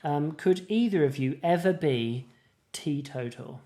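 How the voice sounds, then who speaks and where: A man's voice: fairly high pitch, expressive, a little slow, mellow. A man co-hosting a podcast in casual chat, rambling with lots of fillers and restarts. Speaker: podcast co-host.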